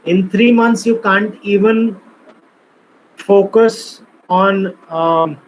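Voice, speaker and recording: A man lectures an audience on communication skills, his high voice pressing each point and slipping into acted example lines. He asks the room questions as he goes. Faint room ambience sits behind him. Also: extremely slow, slight background noise, poor audio. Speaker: speaker. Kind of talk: motivational talk on communication skills. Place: lecture hall.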